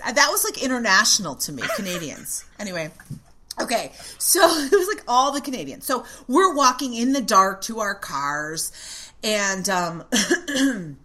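A middle-aged woman tells a story as a podcast guest, talking casually and with a lot of animation. She swears freely and acts out her younger self's lines. Her voice is bright and keeps rising and falling. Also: a little high.

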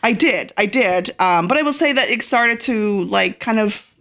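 A woman's voice: mid-range voice, expressive, normal speed, fairly bright tone. A woman in her forties from Ireland with a faded Irish accent, talking as an interview guest, rambling and acting out quoted lines. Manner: rambling storyteller, frequent fillers, acts out quoted lines. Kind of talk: casual interview.

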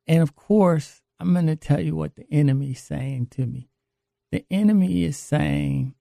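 A man tells his faith testimony in an earnest, confessional way. He speaks slowly, in a mellow voice with a gravelly edge. The sound is dry and close. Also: on the high side, no room sound. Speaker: guest sharing a recovery testimony.

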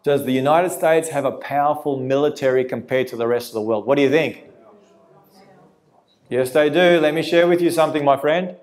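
Male preacher, slightly higher voice, lively, talks to the crowd with rhetorical questions. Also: fairly quick. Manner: animated, asks the audience rhetorical questions. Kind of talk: prophecy sermon.

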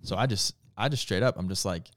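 A man's voice: sits low, a little fast, a bit bright, dry recording, clean studio sound. A man co-hosting a casual faith talk, speaking earnestly and often stopping to restart and correct his own words. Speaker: podcast co-host.

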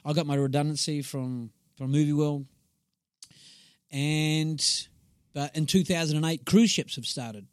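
A man with a slightly high voice tells stories as a guest comedian in a loose, chatty interview. He is animated and quick to laugh, slipping into little voices as he goes. The sound is close and dry with no room behind it. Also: smooth, no room sound. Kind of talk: casual storytelling interview.

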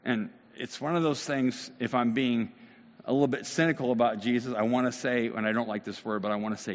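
A man's voice: medium pitch, fairly even intonation, brisk, big-room sound. A man preaching a sermon in an earnest, conversational way, now and then rising into emphatic bursts. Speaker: pastor.

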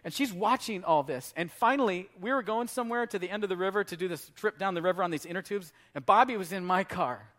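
A middle-aged man preaching a sermon as pastor, telling a story with animated delivery and shouting for emphasis. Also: high-pitched, fast talker, few pauses.

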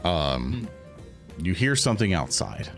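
A man running a tabletop game as game master, narrating in a casual way with frequent laughter and fillers. Soft music plays behind him. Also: deep voice, big pitch swings, a little slow.

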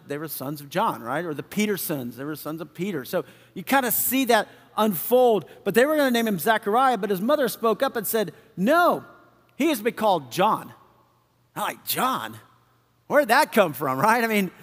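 A man's voice: high-pitched, big-room sound. A male pastor preaching a conversational sermon, often acting out the people in the story. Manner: conversational, animated, acts out quoted figures.

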